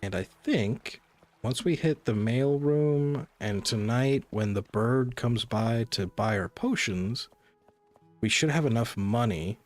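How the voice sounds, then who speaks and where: A gaming streamer playing a cozy game rambles and chats casually with his viewers, talking straight to chat. His medium-pitched voice moves at a slow pace over soft background music.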